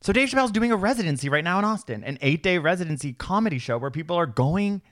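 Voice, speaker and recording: A man from Canada co-hosts a podcast with a fairly high, lively voice. He is recorded dry and close. He rants quickly and tosses in jokey asides. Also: dry recording. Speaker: podcast co-host. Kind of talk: casual chat.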